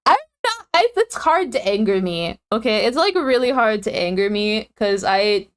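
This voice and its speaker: A woman's voice: mid-range voice, very animated, normal speed, clear, resonant tone. Giggly rambling woman streamer. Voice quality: giggly, rambling, lots of fillers and self-corrections. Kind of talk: casual live-stream chat.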